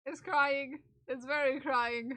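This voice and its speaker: A woman's voice: high voice, steady tone, slow pace, sharp tone, no echo. A woman streamer chatting casually with her viewers, reading their messages aloud and laughing often. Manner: chatty, giggly, reads chat aloud. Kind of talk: casual live-stream chat.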